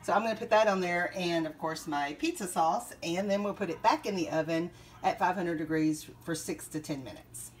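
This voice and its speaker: A woman's voice: lowish voice, normal speed, slight background noise. A young woman chatting casually while cooking in her home kitchen, rambling and laughing as she goes.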